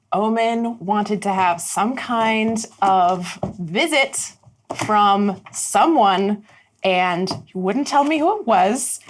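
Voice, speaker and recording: A woman voicing a tiny, fussy female innkeeper in a tabletop game, speaking slowly and earnestly. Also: medium pitch, slight background noise, close to an everyday voice.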